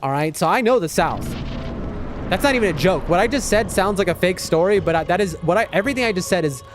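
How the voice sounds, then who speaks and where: A man's voice: high-pitched, expressive, quick pace, noisy background. A man streaming a game live, chatting casually, reacting to the action and answering his chat. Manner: chatty, reacts to gameplay and reads chat aloud. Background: loud game music.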